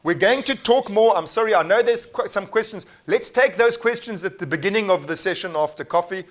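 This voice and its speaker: A man with a South African accent leads a live workshop, explaining ideas earnestly and patiently. His voice sits fairly high for a man, and he often restarts sentences as he thinks aloud. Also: fairly quick. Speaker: workshop lecturer. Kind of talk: live workshop lecture with discussion.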